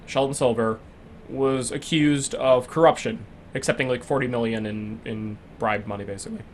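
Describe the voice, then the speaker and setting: A man's voice: medium pitch, steady tone, moderate pace, a little hiss or hum. A young man from Western New York co-hosting a casual chat, riffing sarcastically on the news with plenty of ums and restarts. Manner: sarcastic, joking, fillers and restarts. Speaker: podcast co-host.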